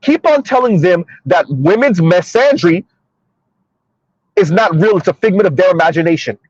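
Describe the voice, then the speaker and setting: A man's voice: sits high, expressive, normal speed, darkish tone, dry recording. A man in his thirties giving a sassy, preachy commentary monologue that he speaks straight to his audience. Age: 30s. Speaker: commentary streamer. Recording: dull lo-fi sound.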